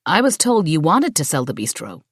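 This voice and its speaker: A woman voicing an earnest outsider businessman who speaks softly and hesitantly. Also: sits low, very animated, normal speed, breathy edge, no room sound, clean studio sound, full character voice.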